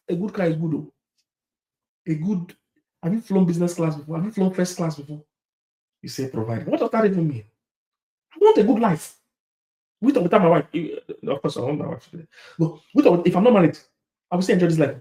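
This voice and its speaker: A man preaching a sermon, repeating his points, laughing, and swinging from loud to hushed. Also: on the high side. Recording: echoey hall.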